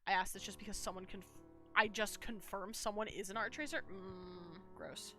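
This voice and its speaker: A woman's voice: mid-range voice, fairly even intonation, normal speed, sharp tone, soft background music. A young woman streaming while she draws, chatting casually and rambling with many fillers and restarts. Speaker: streamer and artist. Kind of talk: casual live-stream chat while drawing.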